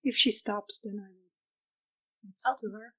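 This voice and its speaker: A woman playing a tabletop role-playing game, speaking quietly and softly with some giggles. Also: medium pitch, fairly even intonation, a little slow, slightly rough, poor audio. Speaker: player. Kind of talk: casual tabletop play.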